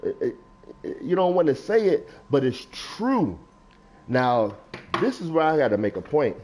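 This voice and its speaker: A man's voice: a little high, very animated, a little slow, darkish tone, a little hiss or hum. A young adult man, a gaming streamer, riffing casually and preachily about feelings while reading chat aloud. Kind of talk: casual livestream talk. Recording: lo-fi stream mic.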